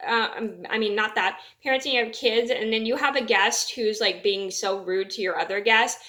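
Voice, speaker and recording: A young woman tells a story to her viewers in a loose, rambling way, stopping often for fillers and restarting her sentences. Her voice has a bright, forward ring at an average pitch. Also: moderate pace. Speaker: vlogger. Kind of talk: casual storytelling.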